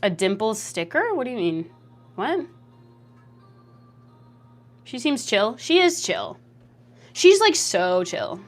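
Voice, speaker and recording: A young adult woman livestreaming at home into a desk mic, chatting casually and reacting to chat comments in a lively, jokey way. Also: slow pace, pauses often, faint music behind. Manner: lively, jokey, reacts to chat with laughs and big pitch jumps. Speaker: streamer.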